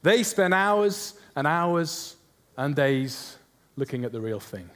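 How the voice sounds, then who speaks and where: A man's voice: on the high side, sing-song, takes it slowly, a bit bright. A man preaching a sermon, earnest, often asking his listeners questions. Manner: earnest, asks the congregation rhetorical questions.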